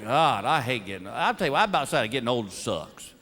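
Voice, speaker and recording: A middle-aged man, telling a stand-up comedy story with animated delivery and acted-out voices, sometimes shouting punchlines. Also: mid-range voice, quick pace. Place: stage before a live audience. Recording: live show with crowd laughter and noise. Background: audience laughter.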